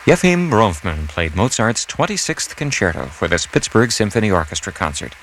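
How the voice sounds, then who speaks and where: A man hosting a classical radio broadcast, reading scripted announcements in a measured, announcer-like way. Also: fairly low pitch, very animated, fairly bright tone, slight background noise. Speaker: radio host.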